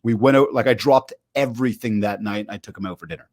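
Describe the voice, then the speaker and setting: Animated male interview guest. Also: lowish voice, fast, no room sound, studio quality. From Canada. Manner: animated storyteller, acts out quotes. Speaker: keynote speaker guest. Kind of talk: casual interview chat.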